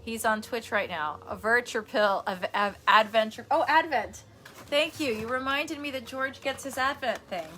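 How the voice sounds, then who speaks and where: Bright-voiced chatty woman streamer. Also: on the high side, normal speed, a little hiss or hum. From New York. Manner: chatty and rambling, laughs often. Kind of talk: casual livestream chat reading comments. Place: her bedroom by a heater.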